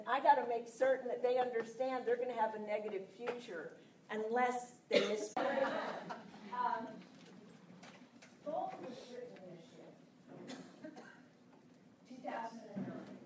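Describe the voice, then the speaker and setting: A woman's voice: fairly high pitch, heavy background noise. A woman giving a passionate live talk to an audience as a sales coach, emphatic and acting out conversations with clients. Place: large room before a live audience. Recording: echoey room, voice from far off.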